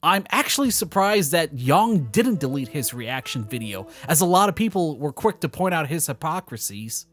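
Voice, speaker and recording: Male video commentator, scripted narration, animated intonation, dry mocking edge. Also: a little high, normal speed, hardly any pauses, soft background music. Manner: sarcastic, mocking asides.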